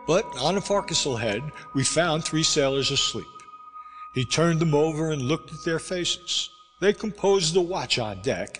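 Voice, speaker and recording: A man narrating a classic sea novel aloud in an expressive storytelling manner. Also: mid-range voice. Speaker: audiobook narrator. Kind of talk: scripted narration. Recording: reverberant with music behind.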